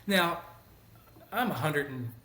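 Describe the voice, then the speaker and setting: Lively middle-aged male storyteller, echoey room. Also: fairly high pitch, takes it slowly. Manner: animated storyteller who acts out quoted people. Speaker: guest, former teacher and school counselor. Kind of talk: casual storytelling conversation.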